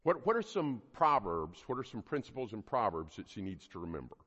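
A man's voice: fairly low pitch, big pitch swings, a little fast, fairly bright tone, husky, lo-fi sound. A man teaching a parenting class to a live group, earnest and emphatic, often putting questions to the audience. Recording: long hall reverb.

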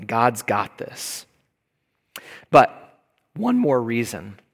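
A man, a pastor, giving an emphatic sermon that climbs to loud bursts. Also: fairly low pitch, gravelly. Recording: long reverb of a large hall.

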